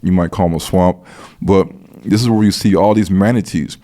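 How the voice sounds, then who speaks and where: A man with a low, mellow voice talks through a long explanation in an unhurried, earnest way. He often circles back, repeating and restarting phrases as he builds his case. His warm, soft tone stays steady under the flow of detail. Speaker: guest speaker on biblical history. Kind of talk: explanatory conversation.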